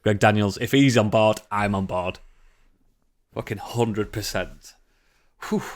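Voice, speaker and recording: A man's voice: lowish voice, fairly even intonation, slow. A man co-hosting a casual podcast chat, laughing often, swearing and trailing off mid-sentence. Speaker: podcast co-host.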